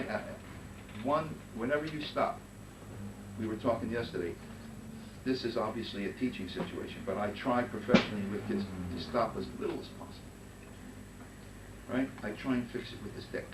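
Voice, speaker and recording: A man teaching a conducting master class, giving brisk coaching commands and singing phrases in nonsense syllables. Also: medium pitch. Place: rehearsal room with band. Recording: roomy distant recording with noise.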